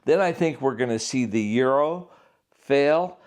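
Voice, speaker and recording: An earnest man talks through his views in a loose, unscripted monologue. His voice sits at an ordinary mid pitch, and he leans hard on key points with steady conviction. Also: a little slow. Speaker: author and prophecy commentator. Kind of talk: casual spoken monologue.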